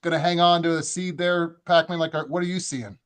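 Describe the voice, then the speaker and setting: A man's voice: fairly high pitch, fairly even intonation, fairly quick, fairly bright tone, clear, resonant tone. A man hosting a casual sports chat in an upbeat fan's way, introducing callers. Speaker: host.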